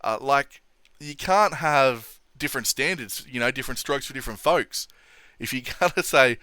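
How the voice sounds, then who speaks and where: A man's voice: mid-range voice, expressive, unhurried, bright, forceful tone, smooth, no room sound, clean studio sound. A young man hosting a casual MMA opinion vlog, blunt and sweary, laughing often. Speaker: MMA commentary channel host.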